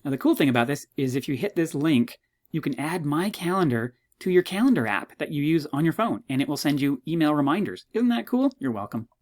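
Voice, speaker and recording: A man teaches a university psychology course in a recorded walkthrough. He talks fast and casually, with self-mocking jokes. His pitch jumps when something amuses him. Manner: chatty, self-mocking, jokey asides; quick, animated delivery with sudden pitch jumps.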